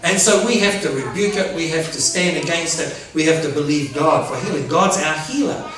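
High-voiced pastor preaching, laughs a lot, asks for amens, mic far off in a big echoey church. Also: male voice, a little fast. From New Zealand. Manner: animated, laughing at his own jokes, calling for amens. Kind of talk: sermon. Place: church hall. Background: congregation answering.

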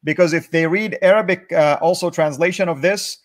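Man, slightly high voice, guest, deliberate, scripture reading. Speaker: co-host and scripture reader. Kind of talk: reading scripture aloud in a discussion.

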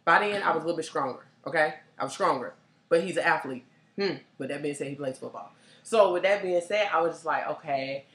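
A woman in candid casual chat, telling a story with lively quoted voices. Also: sits low, a little fast. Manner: animated storyteller acting out quotes. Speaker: co-host. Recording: roomy echo.

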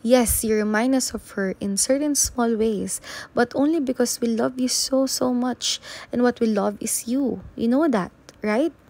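A woman's voice: fairly high pitch, a little slow, darkish tone, pitched above the performer's own voice. A woman reading as a grim, protective father. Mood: firm. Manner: growling, firm. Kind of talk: audiobook reading.

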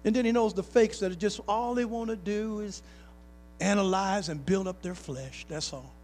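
High-voiced pastor preaching with swing. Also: male voice, moderate pace, a little mellow. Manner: preacher's call-and-response, folksy, rising to emphatic. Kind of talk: sermon with personal stories. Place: church sanctuary.

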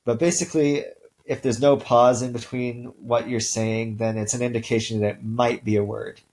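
A male linguistics instructor giving a recorded lecture in a relaxed way, with many ums and uhs and the odd throat clear. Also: mid-range voice, normal speed, low-quality recording.

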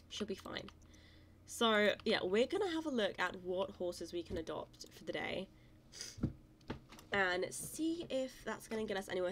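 A woman giving casual let's-play commentary, excitable and gushing, cooing over cute animals. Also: medium pitch, a little hiss or hum. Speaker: gaming channel host.

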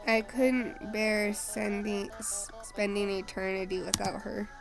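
A woman voicing a husband who slowly begs for his wife to be let in with him. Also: medium pitch, level tone, music in the background, poor audio. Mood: pleading. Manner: slow, pleading, softening to a murmur.

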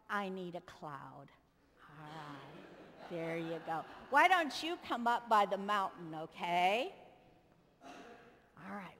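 In a church sanctuary, a woman pastor gives a children's sermon, cheerfully coaxing the kids as she directs them through a Bible story. Her medium-pitched voice has a fairly bright tone, and the recording carries the long echo of a large church.

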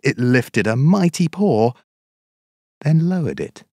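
A man narrating a children's storybook in an expressive, measured, sing-song way. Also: medium pitch, dry recording, clean studio sound.

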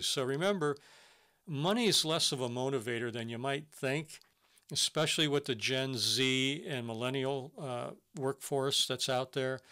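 Bright-voiced man giving hiring advice. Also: medium pitch. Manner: earnest advice-giving, restarts and fillers. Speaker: webinar presenter. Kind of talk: instructional webinar talk.

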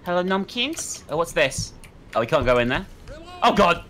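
Excitable female streamer, bright and lively, shrieky gamer energy. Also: on the low side, moderate pace, a little hiss or hum. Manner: excitable, shrieks and laughs often. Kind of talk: casual gaming chat.

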